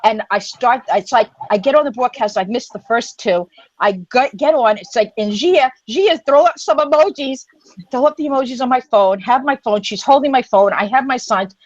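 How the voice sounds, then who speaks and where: A woman with a fairly high voice tells a story in a casual, rambling way on a live stream. She restarts often and leans on fillers. The audio is dry and close, with a dull, lo-fi sound. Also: moderate pace, dry recording. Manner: animated, acts out quoted voices in a higher pitch. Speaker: co-host of an online women's livestream community. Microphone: phone or webcam on a live stream.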